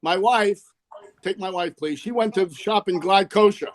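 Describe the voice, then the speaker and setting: A man's voice: high voice, moderate pace. A man telling jokes on a video call, rambling and correcting himself as he goes. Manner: rambling delivery, fumbles and corrects himself mid-joke. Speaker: joke-teller at an online comedy night.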